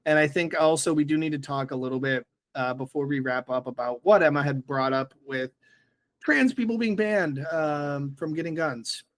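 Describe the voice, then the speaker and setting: A young man co-hosting a political podcast in casual chat, chatty and slangy and quick to laugh. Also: fairly high pitch. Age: young adult. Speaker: podcast co-host.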